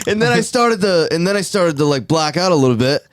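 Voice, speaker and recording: A man's voice: a little high, lively intonation, quick pace, no room sound, studio quality, soft background music. Profane storytelling podcast host man. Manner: rambling, profane storytelling with frequent laughs. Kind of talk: casual podcast chat.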